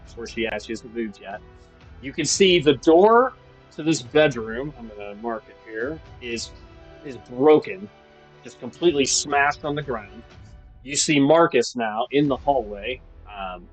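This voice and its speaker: A man's voice: mid-range voice, animated, unhurried, faint music behind, rough recording. A man narrating a tabletop game as game master, casual and with frequent ums and restarts.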